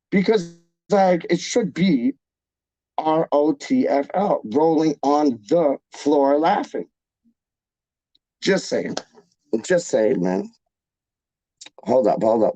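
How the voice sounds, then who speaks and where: A man hosting a live stream, chatting casually with his viewers in an animated, jokey way full of slang. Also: fairly high pitch, no echo, low-quality recording. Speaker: livestream host reading chat. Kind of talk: casual chat.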